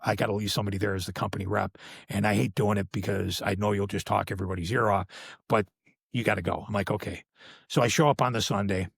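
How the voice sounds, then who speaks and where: Older man, podcast guest, gravelly and husky, dry close sound, animated storyteller acting out quotes. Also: lowish voice, no echo. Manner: animated, acts out quoted dialogue with sudden raised exclamations. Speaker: podcast guest, veteran live sound engineer. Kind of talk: casual storytelling anecdote.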